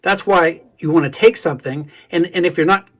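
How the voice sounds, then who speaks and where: Music teacher noodling through a lesson. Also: male voice, a little high, brisk. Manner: relaxed, thinking aloud, self-correcting. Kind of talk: casual instrument lesson. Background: dulcimer playing.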